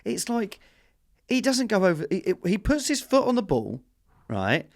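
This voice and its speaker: A man, co-hosting a studio podcast and talking football in an excitable, animated way. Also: high voice, normal speed, vocal fry. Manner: excitable, animated fan talk. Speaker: podcast co-host. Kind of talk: casual football chat.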